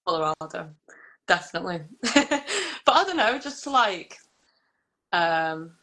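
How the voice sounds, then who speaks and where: A woman's voice: fairly low pitch, expressive, unhurried, pushed and bright. Chatty nineteen-year-old woman. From England. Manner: chatty, fills with "like", laughs often. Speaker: guest singer-songwriter. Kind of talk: casual chat.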